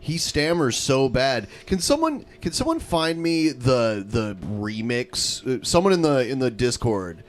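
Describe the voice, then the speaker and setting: A man's voice: medium pitch, very animated, unhurried, few pauses. A man co-hosting a comedy podcast, chatting casually while hunting for clips. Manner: laid-back, searching aloud for clips. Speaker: podcast co-host.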